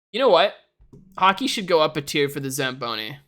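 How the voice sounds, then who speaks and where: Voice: medium pitch, huge pitch swings, normal speed, pauses often, a bit bright. A young adult from Canada, chatting casually and rambling on a live stream while reacting to chat. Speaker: livestreamer.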